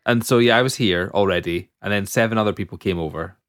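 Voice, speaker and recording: A man's voice: deep voice, quick pace, fairly bright tone, dry recording, studio quality. A man co-hosting a podcast in casual chat, joking and laughing often as he rambles through lists. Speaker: podcast co-host.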